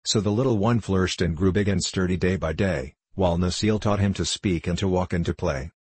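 A man narrating a storybook in a measured, calm reading. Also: low-pitched, slightly rough, dry recording. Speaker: audiobook narrator.

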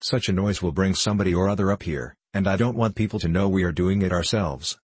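A man's voice: low voice, fast talker, slightly rough, no room sound. A man reading a blunt, scolding country wife. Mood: angry. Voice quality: scolding, impatient. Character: blunt, hard-headed rural young wife.

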